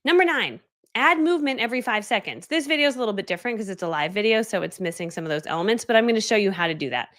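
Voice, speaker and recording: A woman's voice: medium pitch, lively intonation, rapid-fire, fairly bright tone. A woman hosting a live video, teaching marketing in a chatty, laughing way and acting out quotes. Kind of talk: casual live-stream teaching.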